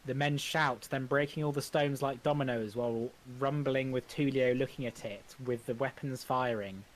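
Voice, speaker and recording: This is a man narrating the stage directions of a script in a plain, everyday voice. His reading is halting, with frequent stumbles and restarts. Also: mid-range voice, steady tone.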